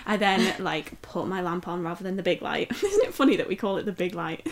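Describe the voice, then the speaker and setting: A woman's voice: on the low side, expressive, brisk. Playful woman, podcast co-host. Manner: playful, teasing, laughs a lot. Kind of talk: casual chat.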